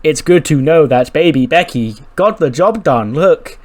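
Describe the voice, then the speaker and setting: A man's voice: a little high, expressive, measured pace. A man doing a smug, whooping woman wrestler. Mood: smug taunting. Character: boastful female wrestling champion.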